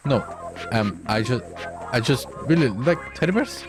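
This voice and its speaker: A man's voice: mid-range voice, lively intonation, moderate pace, over music, close to an everyday voice. A man voicing a frightened young male wrongdoer who stammers and pleads, reading game dialogue aloud. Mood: stammering.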